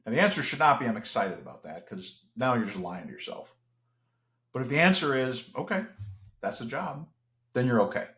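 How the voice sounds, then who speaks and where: A man's voice: mid-range voice, very animated, a little fast, a bit bright. Reflective man in a roomy space. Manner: earnest, reflective, with many restarts. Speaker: interview guest. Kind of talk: casual podcast conversation.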